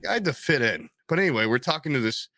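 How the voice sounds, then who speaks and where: A man's voice: medium pitch, expressive, quick pace, pushed and bright, dry recording. A man co-hosting a casual podcast, rambling through stories, acting out quotes and swearing often. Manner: rambling storyteller, acts out quotes in shifting voices, swears often. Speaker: podcast co-host. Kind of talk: casual chat.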